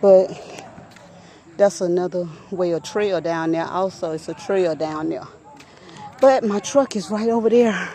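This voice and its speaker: With a medium-pitched, slightly mellow voice, a woman vlogs from a nature trail, walking and talking casually into a handheld phone. She's out of breath and chatty, constantly calling her viewers y'all.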